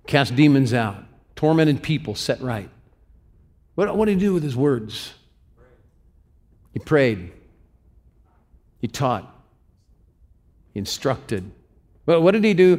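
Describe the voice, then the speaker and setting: A male pastor preaches with animated energy, throwing questions out to his congregation and stumbling over repeated words as he builds up. His mid-pitched voice carries a long reverb from the hall around him. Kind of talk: interactive sermon.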